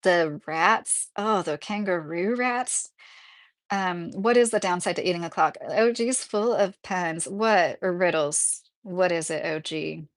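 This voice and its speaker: A woman's voice: lowish voice, measured pace. A woman hosting a casual live stream from her rural home, rambling through stories with lots of fillers as she answers her chat. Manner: chatty, rambling, with frequent fillers.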